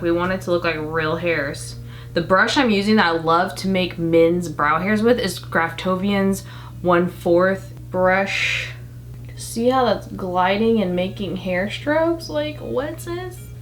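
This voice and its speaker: A woman's voice: on the low side, fairly bright tone. Chatty self-mocking young woman vlogger. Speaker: makeup vlogger. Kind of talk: casual makeup tutorial chat.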